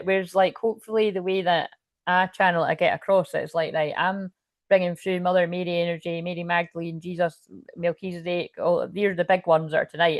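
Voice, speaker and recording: A woman's voice: lowish voice, darkish tone, no room sound, studio quality. A woman, talking casually about spirituality in a rambling, frank way, swearing freely and full of fillers and restarts. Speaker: spiritual channel and tarot reader. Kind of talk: casual spiritual livestream talk.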